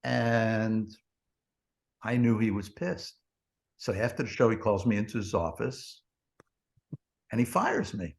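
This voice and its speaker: Gravelly man telling a rambling story. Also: lowish voice, lively intonation, a little slow, pauses often. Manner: rambling, profane, repeats "he goes" and "blah, blah". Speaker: podcast guest, former TV producer. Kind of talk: anecdotal storytelling.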